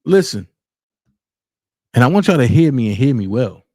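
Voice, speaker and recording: A man's voice: mid-range voice, very animated, moderate pace, darkish tone, dry recording, studio quality. A man hosting a livestream, ranting bluntly with heavy profanity. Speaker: livestream commentary host. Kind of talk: unscripted commentary rant.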